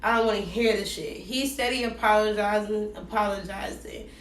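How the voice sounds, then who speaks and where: A woman telling a dating story in a casual, slangy, animated way, acting out both sides of the conversations. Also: mid-range voice, moderate pace, recorded from a distance. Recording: roomy echo, voice set back from the mic.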